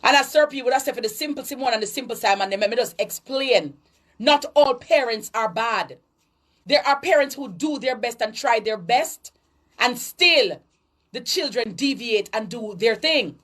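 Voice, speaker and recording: A Jamaican woman with a high voice delivers a preachy monologue of social commentary. She talks emphatically and lectures her listeners. Now and then she drops into patois. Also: animated, normal speed, fairly bright tone. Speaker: online commentator.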